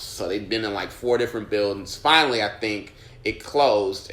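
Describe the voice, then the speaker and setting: A man's voice: lowish voice, a bit bright, echoey room, a little hiss or hum. A man, a stand-up comedian and podcast guest, telling stories in casual chat with a blunt, profane, fired-up manner.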